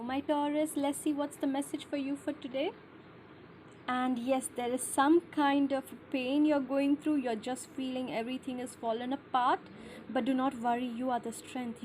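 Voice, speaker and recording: A woman's voice: high voice, slight background noise. A woman giving short intuitive tarot messages to each zodiac sign, talking straight to the listener in a reassuring way with simple, slightly non-native phrasing. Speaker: tarot reader.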